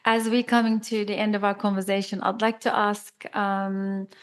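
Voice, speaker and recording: A woman hosting a podcast, asking closing questions in a halting, giggly way. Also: medium pitch, little pitch movement, smooth. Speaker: podcast host. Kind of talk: interview wrap-up questions.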